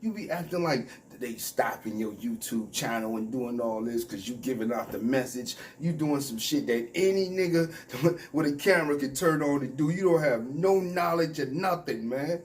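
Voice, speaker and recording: A man's voice: medium pitch, normal speed, slight background noise. A man ranting in a commentary vlog, heated and mocking, mimicking the people he talks about. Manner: heated, mocking, mimics others in quoted voices. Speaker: YouTube commentator.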